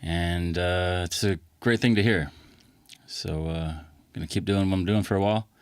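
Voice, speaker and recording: A middle-aged man with an American accent, chatting easily as a podcast guest in a recording studio, unhurried with plenty of fillers. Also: sits low, smooth, dry recording. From England. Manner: easygoing, relaxed, halting with fillers. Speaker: podcast guest, costumed street performer. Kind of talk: casual interview chat.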